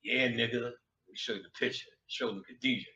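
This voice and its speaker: A man telling crude comic stories to a live audience, cursing freely and laughing and shouting at his own punchlines. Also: medium pitch, fairly even intonation, brisk, slight background noise. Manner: heavy profanity and slang. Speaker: comedic storyteller. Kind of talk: live stand-up style storytelling. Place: lecture room with an audience. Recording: echoey room, distant lo-fi mic.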